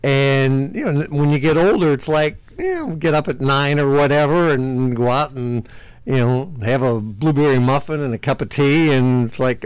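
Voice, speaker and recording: A man co-hosting a casual radio chat, easygoing and reflective, with a soft chuckle. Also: medium pitch, moderate pace, smooth, no room sound, poor audio. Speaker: radio co-host.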